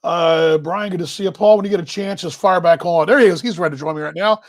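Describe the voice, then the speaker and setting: An American man hosting a live baseball talk show, chatty and energetic, rambling with fillers. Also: high voice, fast talker. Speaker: podcast host. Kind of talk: casual live sports talk.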